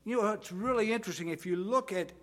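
A male pastor preaching a sermon, dropping to soft low phrases and rising to loud emphatic ones. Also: fast.

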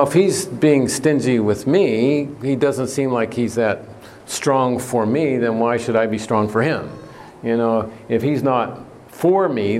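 A man preaching an earnest sermon in a plain mid-pitched voice, pressing on key words and putting questions to the congregation. A faint hum sits behind him. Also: darkish tone.

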